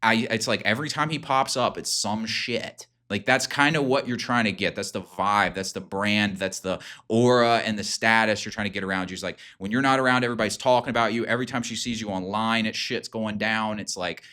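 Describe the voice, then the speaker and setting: Low, bright-voiced man rambling profanely. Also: brisk, few pauses. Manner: rambling, filler-heavy, profane; emphatic, hyping. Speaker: self-improvement video host. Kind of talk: casual unscripted monologue.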